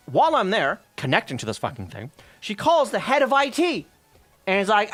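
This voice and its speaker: A man with a high, animated voice rambles through a story on his stream, swearing freely and piling up fillers and asides. His tone is bright and pointed, and his pitch swings widely. The sound is dry and close, with faint music underneath. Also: fairly quick, dry recording. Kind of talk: casual storytelling chat.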